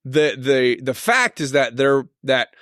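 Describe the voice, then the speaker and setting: A man with an Oklahoma accent, chatting in a relaxed, easygoing way on a podcast. He sounds like he is spinning a theory just for fun. His voice sits mid-range, recorded close and dry. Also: medium pitch, slow, dry recording. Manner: easygoing, frequent short agreements, laughs along. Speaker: podcast co-host. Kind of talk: casual chat.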